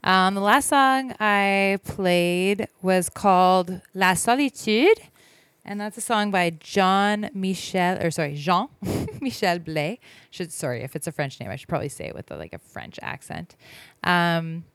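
A woman's voice: lowish voice, lively intonation, normal speed, a bit bright, clean tone, dry recording, clean studio sound. A woman in her thirties hosting a radio show, chatting casually between songs with lots of ums and self-corrections. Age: 30s. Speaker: radio host.

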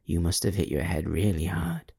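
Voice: sits low, normal speed, vocal fry, dark tone, slightly rough, dry recording, studio quality, full character voice. A man voicing an eerie, thin-voiced companion who murmurs with pity and mockery in a storybook reading. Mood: pitying, mocking. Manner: murmuring, pitying, mocking.

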